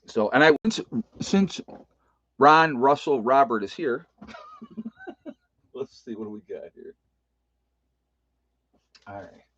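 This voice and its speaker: A man's voice: mid-range voice, sing-song, slow pace, pauses often, fairly bright tone, slightly rough, highs cut off. An older man, a retired nurse, chatting casually on a live stream, rambling and chuckling as he teases himself. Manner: rambling, chuckling, self-teasing. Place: indoor room with bookshelves.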